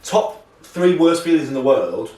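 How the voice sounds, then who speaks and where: A man's voice: fairly high pitch, very animated, a little slow, mellow. A young man, co-hosting a podcast and telling anecdotes in a casual, swearing way. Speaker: podcast co-host. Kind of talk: casual chat. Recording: roomy, mic at a distance.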